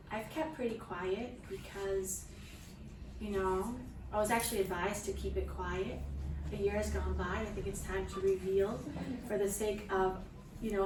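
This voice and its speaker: Woman, mid-pitched, halting heartfelt storyteller, miked from afar in a reverberant room. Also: noisy background. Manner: heartfelt, halting, restarts often, prays aloud. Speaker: mother sharing a testimony at a gathering. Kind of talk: emotional personal storytelling to a small audience. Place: room with guests present. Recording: distant mic in an echoey room with faint ambience.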